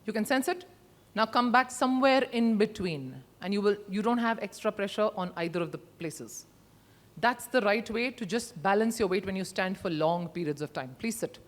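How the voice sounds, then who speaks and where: A middle-aged woman, giving an interactive workshop talk at a conference, emphatic and expressive, using her voice to demonstrate. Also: mid-range voice, normal speed. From India. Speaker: conference speaker. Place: large conference hall. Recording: long hall reverb.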